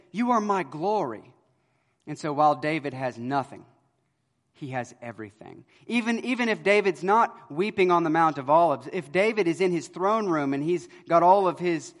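A man preaching a sermon as pastor, earnest, swelling loud on key words and then dropping to a hush. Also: a little high. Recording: long hall reverb.

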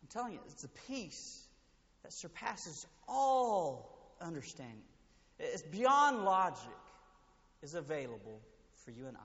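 In a church sanctuary, a male pastor with a high, sing-song voice preaches at a measured pace, alternating booming emphasis with quiet, intimate moments. The audio comes across dull and muffled, carried through long, echoing reverb.

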